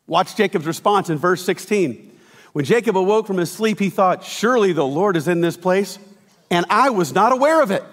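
A male pastor, his voice sitting fairly high. He preaches in a chatty, storytelling way and pokes fun at himself. The sound rings with the long reverb of a big church hall. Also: lively intonation, fairly quick. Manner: storytelling, chatty, self-deprecating. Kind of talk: sermon. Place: church sanctuary.

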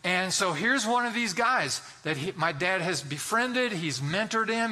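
Telling folksy stories and spurring his listeners with emphatic exhortations, a sixty-something pastor delivers a sermon. His voice is high with a sharp tone.

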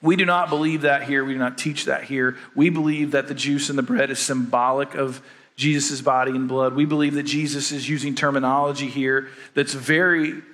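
A man's voice: medium pitch, steady tone, fairly quick, a bit bright. A pastor preaching a conversational sermon, often restarting his phrases.

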